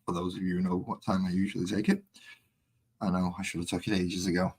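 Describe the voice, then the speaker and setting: A man's voice: deep voice, little pitch movement, fast, a little mellow, husky. A man with a West Midlands accent, chatting casually and rambling with self-mockery while he sets up and paints on a live stream. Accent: West Midlands English.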